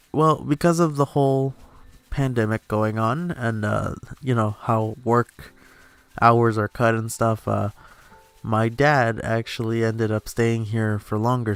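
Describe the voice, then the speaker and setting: A man's voice: mid-range voice, smooth. A young man hosts a casual gaming commentary, rambling on with fillers and frequent laughs. He records in a room at home while faint game music plays underneath. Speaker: let's play host.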